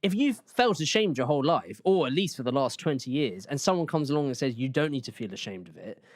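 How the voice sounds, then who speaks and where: A man's voice: mid-range voice, fast, no room sound, studio quality. A young man hosting a casual, comedic history podcast, laughing often as he talks. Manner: giggly, animated, breaks into laughter. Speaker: podcast host.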